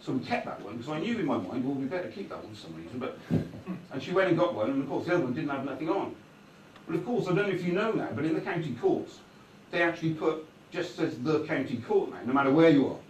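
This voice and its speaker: Brief: male speaker, rambling chatty talk, slightly high voice, distant mic in a reverberant hall. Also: slight background noise. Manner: conversational, keeps checking in with "right?". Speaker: guest speaker. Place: meeting hall before an audience. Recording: echoey hall recorded from afar.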